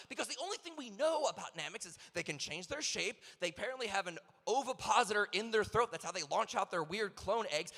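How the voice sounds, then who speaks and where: A man's voice: high voice, pushed and bright. A man emceeing a convention event, riffing through a stand-up comedy bit full of rambling rhetorical questions. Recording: long reverb of a large hall over PA.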